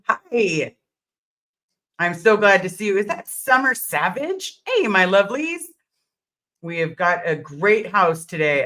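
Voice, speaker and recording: A woman's voice: mid-range voice, pushed and bright. A woman hosting a casual livestream, greeting viewers by name and telling a rambling story full of restarts. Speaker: livestream host. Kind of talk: casual live-stream chat.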